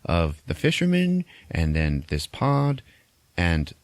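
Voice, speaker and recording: A man's voice: deep voice, moderate pace, no echo. A man co-hosting a podcast, casually recapping a movie plot with lots of swearing. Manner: animated retelling with crude swearing. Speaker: podcast co-host.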